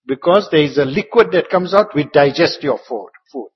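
A man giving an Islamic religious talk with stories, rambling and repeating words, sometimes dropping into soft asides. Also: a little high, animated, normal speed, slightly rough. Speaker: Islamic preacher. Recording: muffled, echoey hall.

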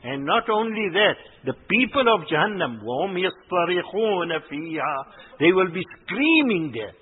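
Man preacher, fairly high husky voice, exhorting sermon, tinny phone-like sound with long hall echo. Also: sing-song. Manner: exhorting, rhetorical questions, recites Arabic verses quickly.

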